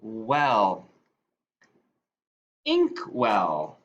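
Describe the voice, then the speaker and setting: A male teacher leading a phonics spelling dictation, saying each word deliberately and sounding it out in parts. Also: lowish voice, wildly swooping pitch, fairly bright tone, muffled recording.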